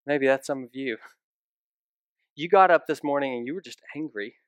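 A man's voice: mid-range voice, normal speed, clear, resonant tone, no echo. A man preaching a sermon as pastor, talking conversationally and putting direct questions to his listeners.

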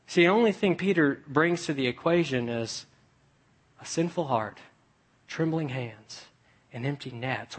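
A young man preaching a sermon, telling stories in a chatty way and dropping to a hush for emphasis. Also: mid-range voice, unhurried, pauses often, husky. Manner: conversational storytelling with dramatic hushed drops.

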